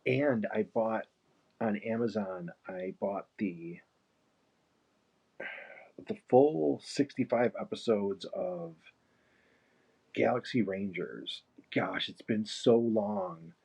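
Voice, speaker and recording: A man's voice: on the low side, expressive, slow, gravelly, long pauses, darkish tone, breathy edge. Easygoing man chatting on a stream. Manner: rambling, easygoing, laughs often. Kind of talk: casual chat while painting. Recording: muffled lo-fi stream mic.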